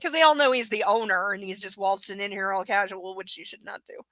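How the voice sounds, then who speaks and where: A woman's voice: medium pitch, steady tone, fairly quick, fairly bright tone, dry recording, poor audio. A woman reading a novel aloud live, breaking off into sarcastic, swearing asides.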